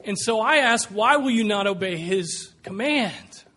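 A man preaching a sermon, slow and emphatic, dropping to a hush and rising to loud calls. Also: high-pitched, animated. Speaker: pastor.

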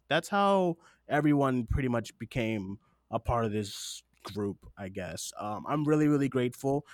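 Speaking into a desktop microphone, a man hosts a casual podcast, earnest and meandering, with the odd curse word and tears in his eyes. His voice is medium-pitched and a touch bright, captured dry at studio quality.

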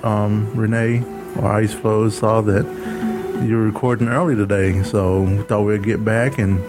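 A man's voice: fairly low pitch, steady tone, a little slow. A man chatting in an easygoing, rambling way as co-host of a podcast segment. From Kentucky, US. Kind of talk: casual chat. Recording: music playing underneath.

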